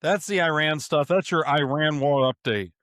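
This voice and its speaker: Halting, stammering male podcast host. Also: fairly high pitch, a bit bright, no echo, clean studio sound. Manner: halting, repeats words, chuckles often. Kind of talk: casual political chat. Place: home studio.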